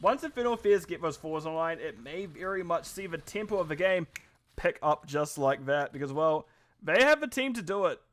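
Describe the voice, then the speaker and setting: A man's voice: fairly high pitch, lively intonation, moderate pace, fairly bright tone. A man with a New Zealand accent casting a live esports match, chatty and self-deprecating, with rambling asides. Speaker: esports caster. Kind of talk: live esports play-by-play commentary.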